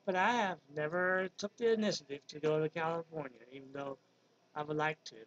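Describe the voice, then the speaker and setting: A man's voice: fairly high pitch, fairly quick, a bit bright, slight background noise. Rambling Virginia man in his fifties. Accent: Southern American (Virginia). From Virginia, USA. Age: 50s. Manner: rambling, digressive, with many ums. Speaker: vlogger. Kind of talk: casual monologue. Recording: dull lo-fi recording.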